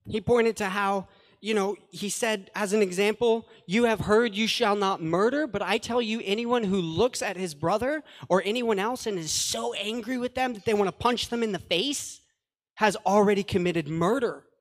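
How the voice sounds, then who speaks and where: A man's voice: sits high, moderate pace. A man preaching a sermon, earnest and conversational, adding plain paraphrases and asides to the scripture he reads. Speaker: pastor. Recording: long hall reverb.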